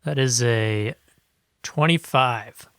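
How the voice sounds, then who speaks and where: A man's voice: medium pitch, slow, fairly bright tone, slight background noise. A man playing a tabletop game, laid-back and joking with his group. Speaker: player. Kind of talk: casual game chat.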